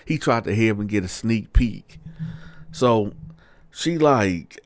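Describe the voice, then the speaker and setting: A man's voice: fairly low pitch, expressive, slow pace, dry recording. Male storyteller host, casual and profane, dry close mic. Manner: profane, addresses listeners directly.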